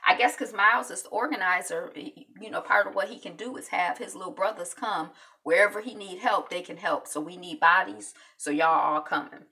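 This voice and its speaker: A woman talks through a TV episode in a loose, chatty way, dropping ums and quick asides as she goes. Her voice sits on the lower side yet comes across bright and forceful. She is a little distant from the microphone. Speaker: TV recap vlogger. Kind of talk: casual episode recap.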